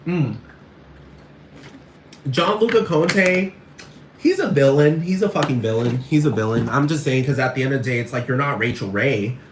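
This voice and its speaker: A man's voice: medium pitch, animated, moderate pace, pauses often. Man, casual rant, repetitive and swearing, distant from the mic, faint background hiss. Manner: rambling, repetitive and profane. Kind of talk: casual ranting monologue. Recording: echoey room, far from mic, faint noise.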